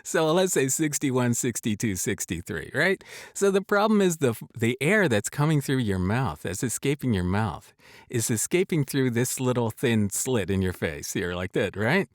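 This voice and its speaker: A voice-over coach and show host runs a casual voice tutorial, cracking jokes and acting out sounds as he explains them. His voice sits at a medium pitch with wide swings in intonation and a normal pace. The recording is dry and clean, with studio quality.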